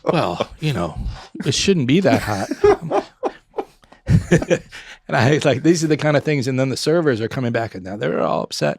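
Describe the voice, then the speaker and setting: A middle-aged man with a gravelly, fry-edged voice talks casually as a podcast guest, recorded close and dry with no room around him. He tells restaurant stories with energy and slips into quick voices for customers and servers. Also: mid-range voice, no echo. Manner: animated storyteller, acts out customers and staff. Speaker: guest, former pub owner.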